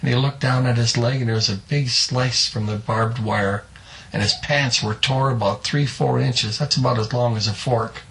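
A man telling a homespun story in a folksy, unhurried way, with a voice of middle pitch. He stretches out words and throws in spoken sound effects. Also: steady tone, a bit bright.

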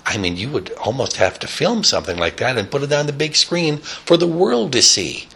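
A man telling a rambling, improvised story, animated, with sound effects and casual asides. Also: mid-range voice, normal speed, gravelly, breathy edge.

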